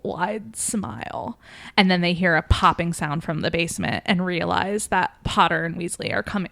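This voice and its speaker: A woman with a somewhat low voice retells a story in a quick, animated rush, full of fillers. It sounds like a casual podcast chat among friends. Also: gravelly. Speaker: podcast host.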